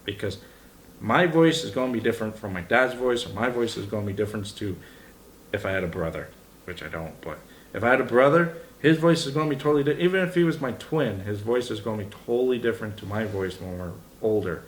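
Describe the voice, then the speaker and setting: A young man from Alberta, an auctioneer casually explaining his chant and breaking into quick rhythmic bid calls. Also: on the low side, a little hiss or hum. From Alberta, Canada. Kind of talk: casual tutorial.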